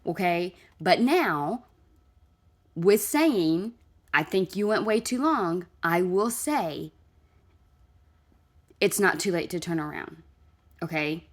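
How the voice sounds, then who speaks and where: A woman's voice: lowish voice, expressive, takes it slowly, pauses often. Blunt, scolding woman reacting to clips. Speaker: commentary vlogger. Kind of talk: reaction commentary.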